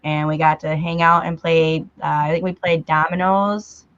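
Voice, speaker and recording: A woman's voice: low-pitched, steady tone, normal speed, a bit bright, dry recording. Woman on a dull lo-fi call line. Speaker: live stream co-host. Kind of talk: casual chat. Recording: dull lo-fi remote audio.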